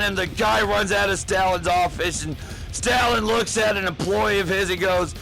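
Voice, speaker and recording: A man riffing through a rambling, profane comedy rant. His voice is high and bright with a gravelly edge, and faint music plays behind him. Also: moderate pace, rough recording. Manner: rambling and profane, full of fillers. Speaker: gaming vlogger.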